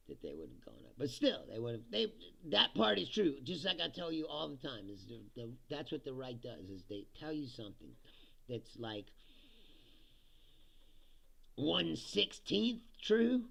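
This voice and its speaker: A man's voice: medium pitch, sing-song, normal speed, gravelly, fairly bright tone. A man hosting a livestream, giving a casual, profane political rant with sarcastic asides and chuckles at his own jokes.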